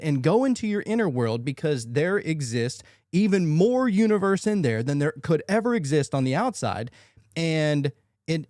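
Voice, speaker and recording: Animated podcast host, lively pitch. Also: male voice, dry recording, clean studio sound. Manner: excitable, searching for words, many restarts. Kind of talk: casual podcast conversation.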